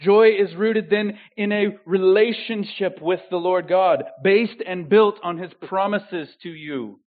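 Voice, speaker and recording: A man preaching a sermon as pastor, swinging between loud emphatic declarations and quiet, intimate asides. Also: high-pitched, a little slow. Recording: tinny phone-like sound.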